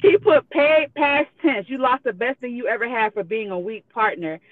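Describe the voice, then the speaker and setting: A woman's voice: a little high, moderate pace, dry recording. A woman calling in, reading out messages bluntly and profanely, laughing between them. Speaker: guest. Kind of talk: reading out messages on a live call. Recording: tinny phone line.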